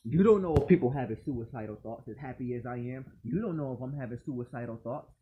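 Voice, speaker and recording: A man's voice: mid-range voice, fast talker, narrow, tinny audio, a little hiss or hum. A man in an aggrieved, profane monologue to the camera, repeating his points as he rants. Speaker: vlogger.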